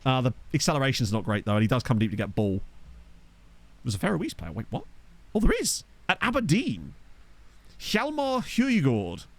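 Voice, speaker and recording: Lively, chatty man gaming. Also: lowish voice, fast, vocal fry, long pauses. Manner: chatty, swears casually, laughs at own jokes. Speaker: gaming YouTuber. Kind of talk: let's play commentary. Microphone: desktop USB microphone.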